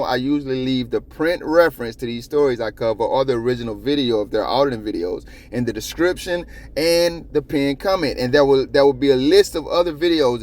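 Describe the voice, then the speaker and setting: A man hosting a copwatch channel, giving casual commentary in a profane, animated, rambling way. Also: a little high. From South Florida.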